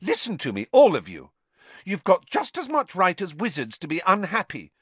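A man voicing an earnest, bossy teenage schoolgirl who talks in a brisk, lecturing way. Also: high voice, wildly swooping pitch, a bit bright, breathy edge, no echo, voice pushed up, full character voice. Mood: exasperated. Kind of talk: audiobook character voice.

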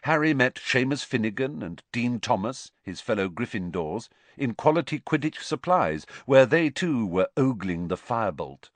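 A man reading a storybook aloud in an expressive narrating voice. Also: mid-range voice, moderate pace, few pauses, no echo. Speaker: audiobook narrator. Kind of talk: scripted narration.

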